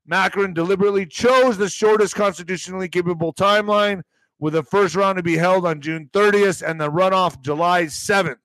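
A man's voice: high-pitched, brisk, fairly bright tone, no room sound, low-quality recording. A man hosting his morning show, rambling casually and profanely while reading news aloud with stumbles.

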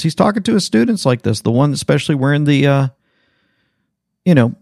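A man hosting political commentary in an animated, sarcastic manner, reacting to clips. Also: fairly high pitch, fairly quick, vocal fry, long pauses, dry recording, studio quality. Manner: animated, sarcastic, jumps between clips and remarks. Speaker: commentary host.

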